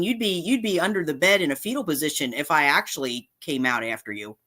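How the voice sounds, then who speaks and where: A woman's voice: deep voice, expressive, fairly quick, fairly bright tone. A woman vlogger delivering an angry, confrontational rant straight to camera, indignant and repeating her points. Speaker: cat channel vlogger.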